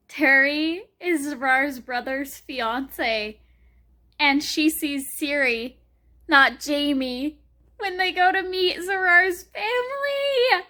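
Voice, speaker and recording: A woman talking casually in a reading vlog, gushing and excitable, often squealing and laughing as she reacts to a book. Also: high-pitched, slow pace. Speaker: book vlogger.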